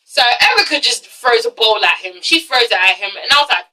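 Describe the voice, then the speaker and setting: A woman's voice: a little high, lively intonation, brisk, bright, forceful tone, distant mic, poor audio. A young woman reviewing a reality TV show in a casual vlog, ranting bluntly and swearing a lot.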